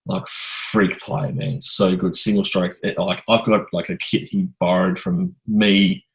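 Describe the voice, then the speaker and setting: Low-voiced man telling stories. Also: measured pace, low-quality recording. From Australia. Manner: rambling anecdotal storyteller, animated. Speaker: podcast host. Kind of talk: casual interview chat.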